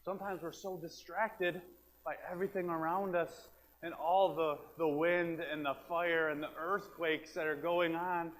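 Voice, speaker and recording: A man preaching to his congregation in a slightly high voice, plain-spoken and conversational. He repeats his key phrases for emphasis. At times he drops to a soft whisper to make his point. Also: flat delivery, moderate pace, low-quality recording. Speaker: pastor. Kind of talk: sermon.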